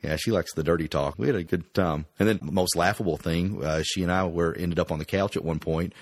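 A man's voice: deep voice, fairly even intonation, fairly quick, dry recording, clean studio sound. A middle-aged man, co-hosting a podcast and telling crude stories bluntly in casual chat. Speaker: podcast co-host.

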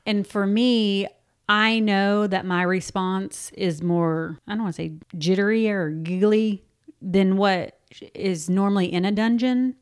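A woman's voice: mid-range voice, fairly even intonation, unhurried, clear, resonant tone. A middle-aged woman co-hosting a casual chat, talkative and giggly, laughing often as she tells her stories. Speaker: podcast co-host.

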